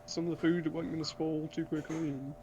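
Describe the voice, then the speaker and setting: A man taking part in an online tabletop game, speaking in a laid-back, offhand manner. His voice sits a touch higher than usual for a man, with a faint hiss of noise behind it. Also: little pitch movement, quick pace. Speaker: player. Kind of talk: casual tabletop play chat.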